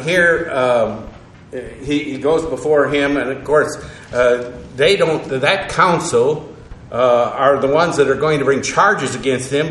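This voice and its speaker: Man, Bible study teacher, halting delivery, lots of fillers, mid-pitched voice, echoey room. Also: fairly bright tone, slight background noise. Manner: halting, with frequent fillers and self-corrections. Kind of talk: evening Bible lesson.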